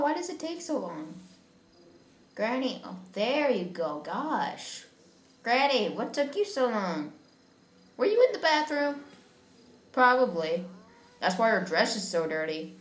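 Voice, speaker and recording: A woman's voice: on the high side, very animated, slow, long pauses, a little hiss or hum. Woman gaming host, chatty and giggly, roomy recording. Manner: chatty, giggly, talks to viewers. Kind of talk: casual let's-play commentary.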